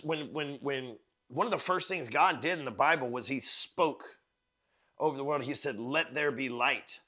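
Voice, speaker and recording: Forceful bright-voiced man preaching motivation. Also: fairly high pitch. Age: adult parent of four. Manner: emphatic, profane, repeats words while building a point. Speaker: podcast host. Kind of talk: motivational monologue.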